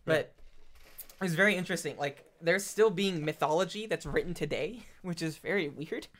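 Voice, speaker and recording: A man's voice: on the high side, moderate pace, a bit bright. A man in casual chat, talking loosely with lots of fillers and easy laughs. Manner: chatty, many fillers, laughs easily.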